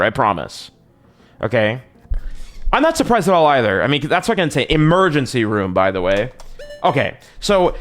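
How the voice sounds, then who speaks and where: A young man streaming live, telling a long story in a rambling, profane, slang-heavy way. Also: fairly high pitch.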